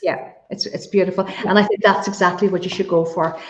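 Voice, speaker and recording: A woman's voice: on the low side, little pitch movement, a little fast. A woman with a Donegal accent hosting a live-streamed interview, enthusiastic and effusive as she reads out viewer questions. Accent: Irish, Donegal. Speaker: host. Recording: echoey room, dull lo-fi sound.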